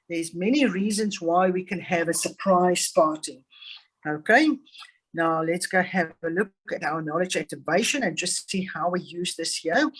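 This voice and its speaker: Slow, patient woman teaching grammar. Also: medium pitch, husky, poor audio. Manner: slow, patient, stresses example sentences. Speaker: English teacher. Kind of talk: online grammar lesson. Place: online class. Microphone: video call.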